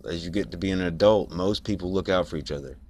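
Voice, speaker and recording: A man, hoarse and congested from being sick, rambling reflectively in a late-night solo podcast. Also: low voice, fast, darkish tone, slight background noise. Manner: rambling, reflective, many fillers. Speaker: podcast host.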